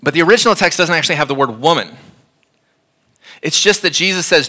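A man in his thirties preaching in a church, his voice bright and forward. He talks to the congregation casually, then presses his points with emphatic repetition. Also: on the high side, expressive, fast. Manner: conversational, emphatic, repeats phrases for effect. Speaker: pastor. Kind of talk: sermon.

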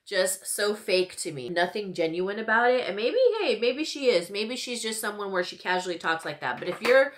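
A woman in her thirties chatting casually to camera while doing her makeup, full of "like" and "you know" and quick laughs. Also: medium pitch, animated. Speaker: beauty vlogger. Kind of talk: casual get-ready-with-me chat.

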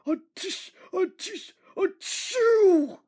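A woman voicing a cheerful steam engine, high and sing-song. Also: expressive, very slow, mellow, exaggerated voice. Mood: sneezing. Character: cheerful male steam engine, easily upset. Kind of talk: storybook read-along.

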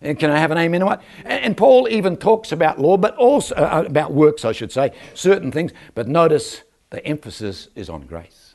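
An older man preaching a lively church sermon, joking and calling out for amens from the congregation. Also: on the high side, moderate pace, gravelly, few pauses. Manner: animated, joking, calls for amens from the crowd. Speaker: guest preacher. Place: church service.

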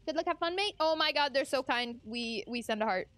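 A woman's voice: sits high, lively intonation, fairly quick, a bit bright. A young woman livestreaming, chatting casually with her viewers, giggling often and swearing lightly.

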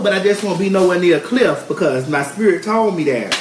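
A woman's voice: on the low side, expressive, fairly quick, few pauses, echoey room, noisy background. A woman hosting a casual cooking vlog from her home kitchen, a brash, profane, chatty storyteller. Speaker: host.

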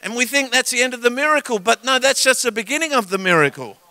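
An Australian man preaching a sermon in a church service, telling comic stories and swinging from quiet asides to shouts. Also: very high voice, lively intonation, quick pace, dry recording. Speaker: guest preacher.

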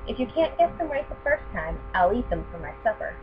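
A woman's voice: fairly high pitch, very animated, fairly quick. Woman reading as a coaxing greedy old witch. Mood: scornful. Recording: tinny lo-fi with mains hum.

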